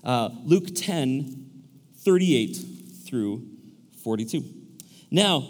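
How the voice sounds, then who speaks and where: Male pastor, fairly high voice, lively delivery that acts out characters, big church reverb. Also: normal speed. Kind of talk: sermon. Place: large church hall. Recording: echoey church hall.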